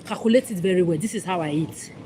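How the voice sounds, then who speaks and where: A woman's voice: fairly low pitch, fast talker, warm tone, a little hiss or hum, low-quality recording. A woman vlogger delivering an angry, accusatory monologue to camera in a ranting, contemptuous manner.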